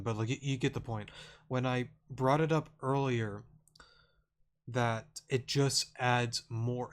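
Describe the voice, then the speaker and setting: A man casually commenting on a video game playthrough, rambling with lots of fillers and restarts. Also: mid-range voice. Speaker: gaming channel host. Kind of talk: casual let's play commentary.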